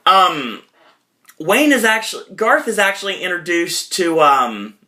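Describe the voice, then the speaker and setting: A man hosting a podcast, casually retelling a movie in a rambling way, with lots of fillers and quick impressions. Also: high-pitched, big pitch swings, sharp tone. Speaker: podcast host.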